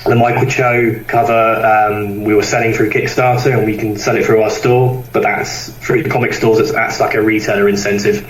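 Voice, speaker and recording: Podcast guest, man, low voice, rambling and casual, recorded far off in an echoey room. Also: little pitch movement, moderate pace, few pauses. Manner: rambling, with many fillers and restarts. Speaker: guest comic publisher.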